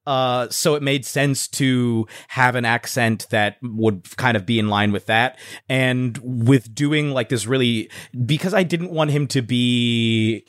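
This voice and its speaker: A man's voice: mid-range voice, slow pace, hardly any pauses, no room sound. A man explains his thinking on a podcast, speaking casually and hesitantly with plenty of fillers. The sound is dry and close to the mic. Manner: thoughtful, hesitant, many fillers.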